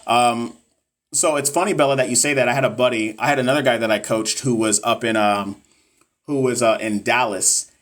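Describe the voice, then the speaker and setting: Reading viewer comments on a casual livestream, a man tutors nursing exam students and chats loosely with many fillers; he's an NCLEX tutor who also sells courses. His medium-pitched voice is steady and a bit bright, a little fast. Audio comes from a phone or webcam.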